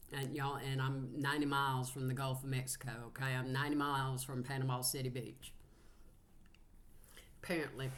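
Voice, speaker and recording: A woman's voice: rumbling low, a little hiss or hum. A woman with a Southern US accent leading a casual psychic channeling session, chatty and folksy, swearing freely and saying y'all a lot. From Georgia, US.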